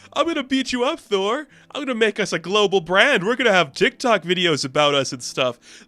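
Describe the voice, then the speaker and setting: A man's voice: sits high, pushed and bright, no room sound, voice pushed up, heavily acted. Man putting on a whooping corporate knockoff hero. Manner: whooping, gloating, hyped.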